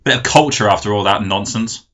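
A man co-hosting a comedy podcast, teasing and reading a short poem deadpan. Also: fairly low pitch, brisk, dull audio. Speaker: podcast co-host.

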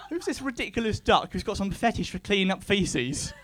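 Male comic, pedantic and deadpan, high voice, dry self-mocking delivery. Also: normal speed, a little hiss or hum. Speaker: stand-up comedian. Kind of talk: stand-up comedy set.

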